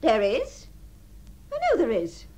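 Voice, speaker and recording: Brief: high, very animated refined, lonely fantasist in a radio play, breathy and giddy. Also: female voice, slow, heavily acted. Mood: confused, insistent. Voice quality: refined, swings between breathy tenderness and giddy excitement. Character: deluded lonely upper-class spinster dreaming of marriage. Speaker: the Princess. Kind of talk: radio drama acting.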